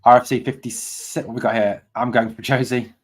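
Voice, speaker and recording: A man hosting a live fan watch-along of a football match. He calls the play, chats with viewers about their comments and sometimes shouts at his team in exasperation. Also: mid-range voice, level tone, brisk. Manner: chatty, reads out and answers viewer comments. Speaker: fan channel host.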